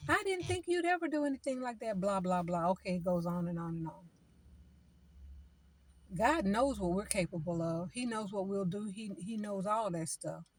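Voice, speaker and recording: Casting note: woman, mid pitch, chatty informal preacher, repeats herself, no room echo. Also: a little mellow, slightly rough. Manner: conversational, repeats phrases, acts out quoted people. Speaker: vlogger giving spiritual advice.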